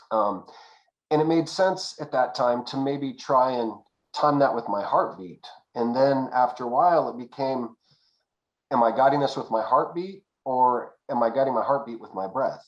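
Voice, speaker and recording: Man, panel guest, measured reflective storytelling, echoey room sound. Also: mid-range voice, expressive, highs cut off. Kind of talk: casual personal storytelling.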